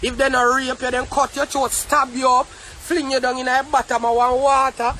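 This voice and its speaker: A young Jamaican woman with a Jamaican accent, ranting defiantly to camera in a heated, profane monologue and often breaking into shouts. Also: sits high, level tone, moderate pace, slight background noise, low-quality recording. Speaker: vlogger. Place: inside a car.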